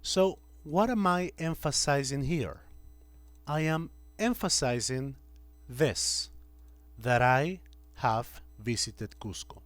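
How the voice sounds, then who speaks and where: A man teaching English grammar to a class, slowly repeating each example sentence and checking in with the students. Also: medium pitch, lively intonation, fairly bright tone, no room sound.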